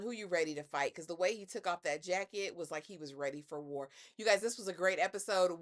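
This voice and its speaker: A woman recaps a reality show in casual vlog commentary. She talks with sass and drama, landing pointed rhetorical jabs. Her voice is bright and forward. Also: fairly low pitch.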